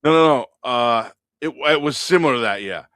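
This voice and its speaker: A man with a brisk, mid-range, clean-toned voice co-hosts a comedy podcast, recorded with clean studio sound and no room noise. In casual chat he tells a workplace story, animated and swearing freely, laughing at his own punchlines.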